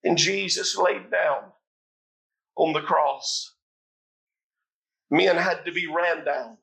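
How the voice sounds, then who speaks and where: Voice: mid-range voice, takes it slowly, gravelly, fairly bright tone, poor audio. A preacher delivering a sermon in a dramatic, impassioned storytelling manner.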